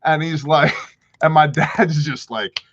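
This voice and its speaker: Man, somewhat high voice, animated storyteller, swears, dull lo-fi stream audio. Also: takes it slowly. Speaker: livestream host. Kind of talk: casual storytelling chat.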